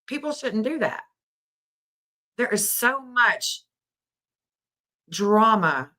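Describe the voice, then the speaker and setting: A woman's voice: mid-range voice, pushed and bright. A middle-aged woman hosting a livestream, giving emotional, scolding commentary and repeating phrases for emphasis.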